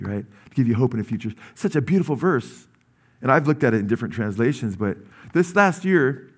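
A middle-aged male pastor giving a sermon in a conversational style, often asking "amen?" and rising in pitch and energy when he urges his listeners. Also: breathy edge. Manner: conversational, with many asides and "amen?" checks; rises in pitch and energy when urging the congregation.

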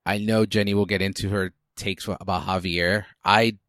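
A man with a very low, deep voice talks through film picks in an easygoing, meandering way. He often stops and restarts his sentences. The sound is dry and close, with no room echo. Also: little pitch movement, moderate pace, fairly bright tone. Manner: chatty, hesitant with many restarts and fillers. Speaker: podcast co-host. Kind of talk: casual film discussion.

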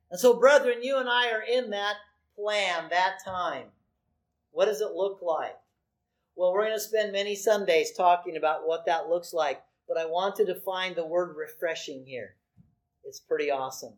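A man in his sixties preaching a sermon, animated and conversational, with frequent asides to the congregation. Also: sits high. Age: 60s. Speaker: pastor.

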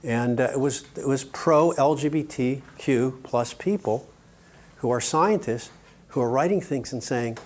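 An older male conference speaker gives a sermon-style teaching talk in a medium-pitched voice at a measured pace. He hammers his points home, breaks off for joking asides, and repeatedly asks "okay?" to make sure the audience is following.

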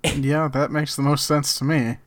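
A man in casual chat, answering in a dry, unhurried way and laughing at his partner's jokes. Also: on the high side, level tone, dry recording.

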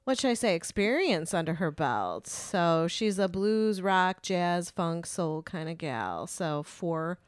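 A woman's voice: fairly low pitch, big pitch swings, measured pace, hardly any pauses, clear, resonant tone, dry recording. A woman co-hosting a radio show, chatting casually in a rambling, laughing way, a little stuffy in the nose. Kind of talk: casual chat.

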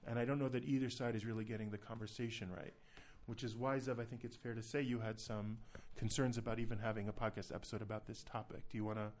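A man's voice: fairly low pitch, level tone, fast, hardly any pauses, a little mellow, a little hiss or hum. A man hosting a casual podcast, talking in a chatty, self-deprecating way with loose restarts. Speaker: podcast host.

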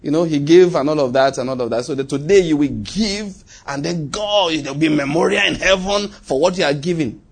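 A husky, somewhat high-pitched man preaches a sermon. He hammers points home by repeating phrases, swinging from loud declarations to low, quiet asides. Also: fairly quick, hardly any pauses. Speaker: pastor.

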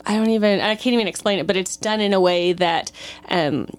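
A woman's voice: mid-range voice, brisk, clear, resonant tone. A woman guest on a podcast, talking casually and chattily, often trailing off and restarting. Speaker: guest from the ministry.

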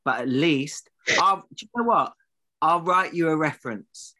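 A man's voice: on the high side, expressive, moderate pace, bright, forceful tone. A man co-hosting a podcast, bantering in a teasing, mock-serious way. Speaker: podcast co-host. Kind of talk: casual comedic banter.

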